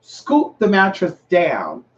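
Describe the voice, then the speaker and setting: Sassy high-voiced man, distant lo-fi sound. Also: takes it slowly. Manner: sassy, expressive, swears freely, swings loud with exclamations. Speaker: spiritual reader and vlogger. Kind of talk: casual chat to viewers.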